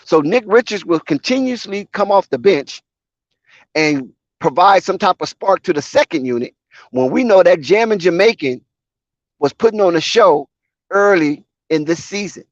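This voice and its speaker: A man's voice: high-pitched, animated, normal speed, dry recording. A man giving opinionated, conversational commentary on a live basketball game. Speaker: sports commentator. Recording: dull lo-fi sound.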